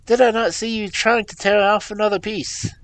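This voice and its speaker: A man voicing a furious middle-aged banker father who shouts his accusations. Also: high-pitched, steady tone, normal speed, dry recording, voice pushed up. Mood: enraged. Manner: loud raised shouting.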